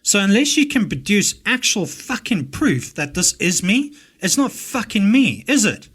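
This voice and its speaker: A man's voice: high voice, sing-song, unhurried, a bit bright, slightly rough. Swearing South African man ranting. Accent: English-speaking South African. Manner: angry, swearing, mocking rants. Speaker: host reacting to a recording. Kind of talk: profane reaction commentary.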